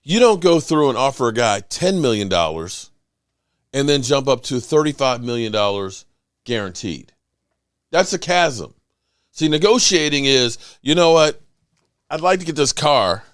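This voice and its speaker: A man's voice: medium pitch, unhurried, clean tone. A man hosting a casual sports podcast, his voice rising and falling widely as he makes his points. He talks emphatically and often restarts mid-sentence. The sound is dry and close, with little room echo. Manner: animated, emphatic, with frequent restarts.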